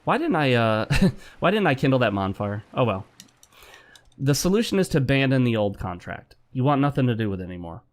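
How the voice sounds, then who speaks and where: A man's voice: mid-range voice, very animated, a little fast. A man talking through a video game in a loose, chatty way, with an ordinary mid-range voice. He drifts between musing and frustrated rants at the game's controls. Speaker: gaming commentator. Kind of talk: let's play commentary.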